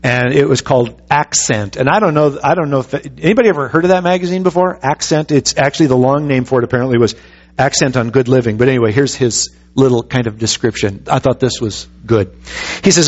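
A man's voice: mid-range voice, fairly quick, dull audio. A pastor preaching a conversational sermon, asking the congregation rhetorical questions and pressing his points with emphatic restarts.

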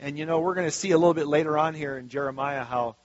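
A man's voice: fairly high pitch, quick pace, no echo. Conversational preacher man, dull lo-fi recording. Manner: conversational preaching, many asides and restarts. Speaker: pastor. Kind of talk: sermon.

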